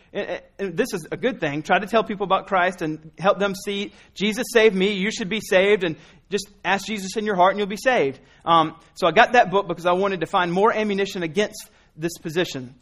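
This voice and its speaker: Man in his thirties, higher-pitched voice, for an earnest, loosely structured Bible teaching full of ums and restarts. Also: fairly bright tone. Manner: earnest, rambling with many restarts and fillers. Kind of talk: informal sermon teaching.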